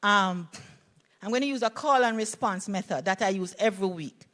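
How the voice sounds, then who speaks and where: A woman's voice: mid-range voice, moderate pace, fairly bright tone. A middle-aged woman with a Jamaican accent, a play therapist presenting a conference workshop, telling stories animatedly and checking in with her audience.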